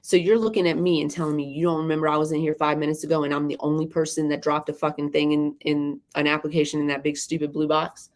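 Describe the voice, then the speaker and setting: Low-voiced woman ranting on a podcast. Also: level tone, quick pace, hardly any pauses. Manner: ranting, exasperated storytelling with profanity. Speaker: podcast co-host. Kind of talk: casual livestream chat.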